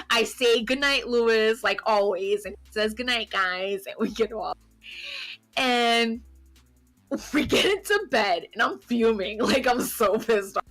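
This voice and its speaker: Young woman co-host, higher voice, animated storyteller who laughs and swears. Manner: animated, laughing, swears freely, acts out quotes. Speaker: podcast co-host. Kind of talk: casual storytelling chat.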